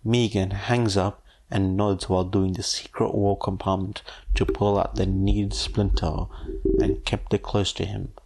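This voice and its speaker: A man narrating fan fiction aloud in a steady, plain storytelling manner. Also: deep voice, measured pace, gravelly. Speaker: fanfiction audiobook reader.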